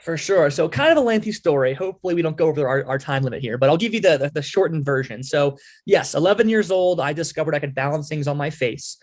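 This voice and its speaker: Young guy, slightly high voice, chatty and animated, lots of "you know"s, podcast guest. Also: quick pace. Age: 20s. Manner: animated storyteller, lots of fillers. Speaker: podcast guest, halftime performer. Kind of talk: casual storytelling interview.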